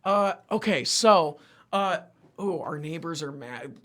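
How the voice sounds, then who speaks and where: A man, a guest on a gaming show, telling history with excited rambling, fillers and quick apologies. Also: a little high. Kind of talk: excited storytelling in casual chat.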